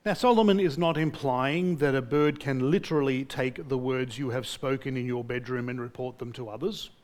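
A man's voice: mid-range voice, moderate pace, darkish tone. A male pastor preaching a sermon, putting direct rhetorical questions to his listeners.

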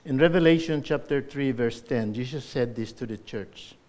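A man preaching a sermon in church, earnestly urging listeners, rising to emphatic peaks and falling to soft endings. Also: medium pitch, moderate pace. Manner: earnest exhortation with emphatic rises and soft drops.

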